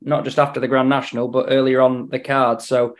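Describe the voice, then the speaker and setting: A man's voice: mid-range voice, flat delivery, brisk. A man giving racing tips in casual podcast chat, dry in his humour and often repeating words as he thinks aloud. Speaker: racing tipster on betting podcast.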